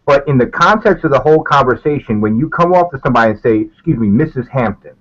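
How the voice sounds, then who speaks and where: A man calmly giving his view in a casual discussion, measured and a little hesitant. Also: medium pitch, lo-fi sound. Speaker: panelist in an online discussion.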